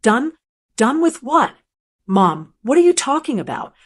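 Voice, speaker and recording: A woman reading the lines of an anxious adult son who rambles and pleads, a little higher than her narrating voice. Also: big pitch swings, measured pace, breathy edge, heavily acted. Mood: defensive.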